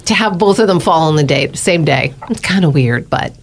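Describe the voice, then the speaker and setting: A woman's voice: low-pitched, lively intonation, moderate pace. A woman co-hosting a morning radio news show, chatty and teasing, laughing easily. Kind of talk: casual morning radio banter.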